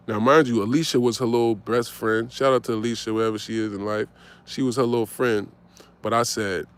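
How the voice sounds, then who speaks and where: A man in his forties spins a story with lively, swearing energy, checking in with "right?" again and again. His voice is mid-pitched and everyday, and he drops low and quiet for punchlines before climbing back up. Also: fairly quick. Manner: animated, swearing, tags lines with "right?". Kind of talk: casual storytelling.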